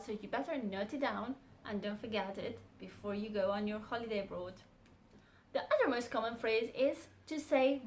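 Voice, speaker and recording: High-voiced woman teaching a language. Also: slight background noise. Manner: slow, repeated model phrases. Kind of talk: scripted language lesson.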